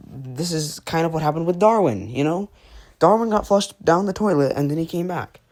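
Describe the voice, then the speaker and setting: A low-pitched woman with a husky voice rants angrily through her review. She swears constantly, rambles with a lot of "like" fillers and swings her pitch widely. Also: darkish tone. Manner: angry, profane ranting. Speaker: cartoon reviewer. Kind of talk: ranting commentary.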